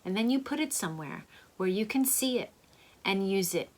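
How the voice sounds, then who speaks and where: A middle-aged woman, a child therapist, gently and encouragingly walking children through calming exercises. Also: medium pitch, normal speed, a little hiss or hum, rough recording. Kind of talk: instructional talk to children.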